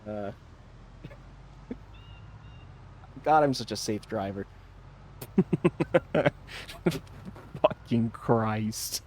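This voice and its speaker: A man's voice: lowish voice, extremely slow, pauses often, darkish tone, slight background noise. A man giving casual live commentary while playing a game, joking and laughing often. He banters defensively with his chat. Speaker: streamer.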